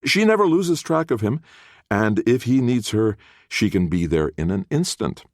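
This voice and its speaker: A man's voice: fairly low pitch, sing-song, normal speed, no room sound, clean studio sound, voice pushed up. A man reading an audiobook, voicing a blunt, worldly woman with a sardonic, teasing manner. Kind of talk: audiobook character voice.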